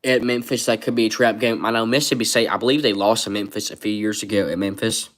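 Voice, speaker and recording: A man's voice: lowish voice, fairly even intonation, fast. A man doing casual live-stream sports commentary, rambling and reading chat comments aloud. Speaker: sports livestreamer.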